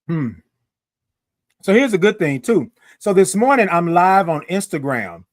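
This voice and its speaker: A man hosting a live-streamed morning show, chatty and lively, calling out greetings to his viewers. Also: high-pitched, measured pace, no echo, studio quality. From Houston, Texas. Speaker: host.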